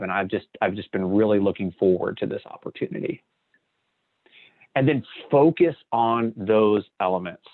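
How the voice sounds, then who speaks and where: A man leading a training session in an energetic coaching way, acting out sample lines. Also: on the low side, moderate pace. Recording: dry, tinny phone-like line.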